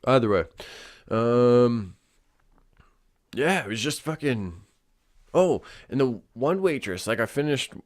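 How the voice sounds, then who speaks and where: Young male solo host, casual and profane, heavy on fillers, mid-pitched voice. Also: expressive, slow, pauses often. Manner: rambling, profane, lots of fillers. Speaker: podcast host.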